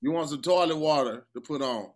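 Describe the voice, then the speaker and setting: A man co-hosting a casual podcast, cracking jokes in an animated way. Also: on the high side, fairly quick. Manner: joking, animated. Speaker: podcast co-host. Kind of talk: casual debate chat.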